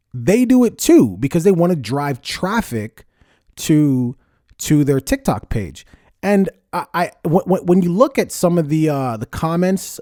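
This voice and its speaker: A podcast host talking to his listeners in a slightly high voice that rises and falls a lot. He rants casually and leans hard on the words he wants to stress, and the sound is dry, with no room echo. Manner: lively, conversational, ranting with emphasis. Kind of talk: casual solo podcast talk.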